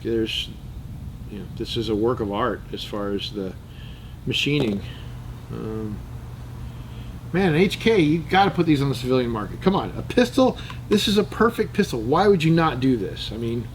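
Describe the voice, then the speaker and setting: A man's voice: medium pitch, a little hiss or hum, rough recording. A man chatting casually as host, thinking aloud and joking in rambling tangents while he works with his hands. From United States. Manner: thinks aloud, muttering to himself while working. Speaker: channel host. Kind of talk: casual chat while taking apart and cleaning a gun.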